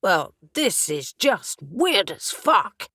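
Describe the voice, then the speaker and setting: A woman voicing a gruff, suspicious winged male warrior angel who talks bluntly in an audiobook. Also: mid-range voice, very animated, slow pace, pushed and bright, no echo, clean studio sound, full character voice.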